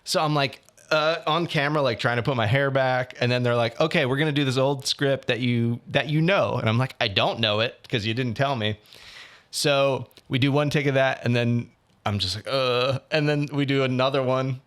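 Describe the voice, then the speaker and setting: A young man talks casually on a podcast he co-hosts, at a middle pitch. He tells a story with animation and acts out other people's lines as he goes. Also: moderate pace, fairly bright tone, clear, resonant tone. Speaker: podcast co-host. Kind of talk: casual chat.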